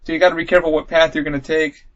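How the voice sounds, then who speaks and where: A man hosting a podcast in casual chat, excitable and swearing a lot, acting out game moments with loud yelps. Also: fairly high pitch, very fast. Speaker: podcast host. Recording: dull lo-fi podcast audio.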